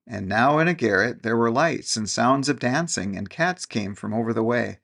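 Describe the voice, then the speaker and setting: A man reading a classic storybook aloud in a gentle, measured narration. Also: medium pitch, animated, creaky.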